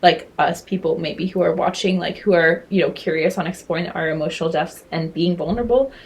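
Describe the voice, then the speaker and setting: A woman's voice: fairly low pitch, fairly quick. A woman in her twenties talking thoughtfully and hesitantly in a casual podcast chat, with many "like" and "you know" fillers. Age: 20s. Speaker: podcast co-speaker. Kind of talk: casual reflective conversation.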